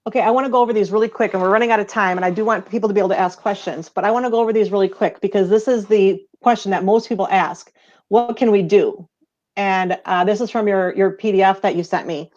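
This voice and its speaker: A woman hosting an online interview, conversational and brisk as she moves the talk along. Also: mid-range voice, darkish tone, muffled recording. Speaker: host.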